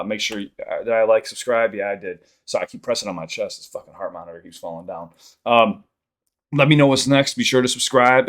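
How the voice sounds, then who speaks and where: A man's voice: medium pitch, fairly bright tone. A man hosting a reaction channel, talking casually and rambling with frequent laughs.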